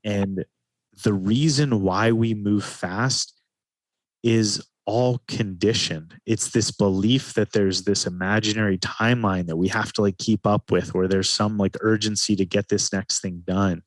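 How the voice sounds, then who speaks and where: A man, a guest in an interview, speaking in a calm, reflective way and often slowing his speech down. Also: fairly low pitch, no room sound. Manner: calm, slows his speech to stress points. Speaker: podcast guest, men's retreat facilitator.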